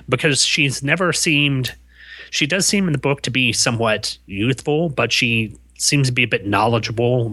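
A man's voice: lowish voice, sharp tone, dry recording. A man co-hosting a casual podcast, talking things through thoughtfully with frequent restarts. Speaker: podcast co-host. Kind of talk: casual comic book podcast chat.

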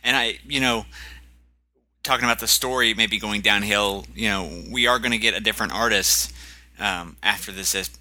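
A man's voice: lowish voice, moderate pace, sharp tone, no room sound. A man co-hosting a casual podcast, chatty and full of fillers. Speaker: podcast co-host. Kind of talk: casual comic book podcast chat.

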